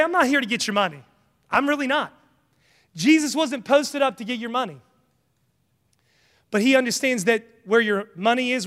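High-voiced preacher in a reverberant hall. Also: male voice. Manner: animated, conversational preaching with jokes and acted asides. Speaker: pastor. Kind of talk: sermon.

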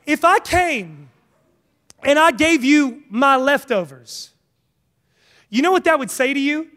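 High-voiced preacher in a reverberant hall. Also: male voice, slow, pauses often. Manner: animated, conversational preaching with jokes and acted asides. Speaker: pastor. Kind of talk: sermon.

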